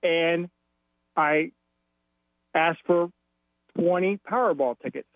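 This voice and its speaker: A man's voice: a little high, slow pace, no room sound. A man calling in to a radio show, retelling a quarrel and acting out both voices. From Florida. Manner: animated storyteller acting out both sides of a quarrel. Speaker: caller. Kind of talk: telling a story on a radio call-in. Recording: tinny phone line, dry.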